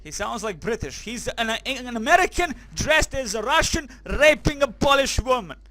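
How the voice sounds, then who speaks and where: High, lively, bright man commentating a game. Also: moderate pace, no room sound. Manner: crude, joking, excitable; cries out German phrases. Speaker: gaming commentator. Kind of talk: let's play commentary.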